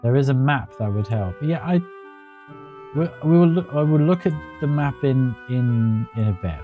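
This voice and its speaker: A man's voice: medium pitch, expressive, moderate pace, narrow, tinny audio, faint music behind. A man giving casual gameplay commentary on a stream, chatty and rambling, laughing at his own remarks.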